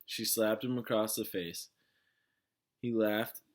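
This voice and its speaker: A man's voice: fairly low pitch, fairly even intonation, takes it slowly. A man reading a novel aloud in a casual way, with small slips and restarts. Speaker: reader of a novel.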